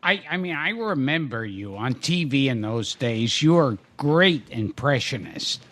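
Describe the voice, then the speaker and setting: A man hosting a podcast interview, with a drawn-out, exaggerated delivery. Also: medium pitch, sing-song, fairly bright tone. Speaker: host.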